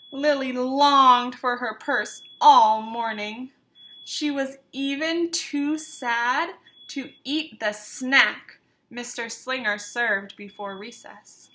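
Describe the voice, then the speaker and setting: Bright, slow-reading female teacher. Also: a little high. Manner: expressive, slow, pausing to teach vocabulary. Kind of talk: storybook read-aloud to students.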